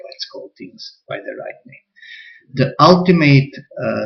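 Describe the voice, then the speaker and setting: A man talks through political commentary in a sardonic, halting way, stumbling into fillers and restarts. His pitch sits right in the middle for a man. The home recording is dull and lo-fi. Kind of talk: commentary reading and critiquing quotes.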